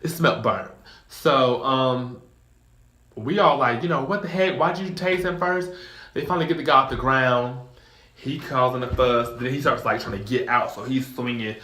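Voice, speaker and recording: A young man, casually telling a storytime tale, acting out voices in high squeals. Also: normal speed, bright, forceful tone, reverberant.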